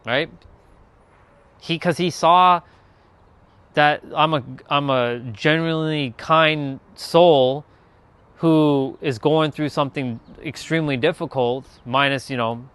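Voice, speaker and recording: A man's voice: a little high, steady tone, takes it slowly, a bit bright, clear, resonant tone, no echo. A man telling a personal spiritual story, earnest and rambling, with many restarts and trailing phrases. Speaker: spiritual content creator.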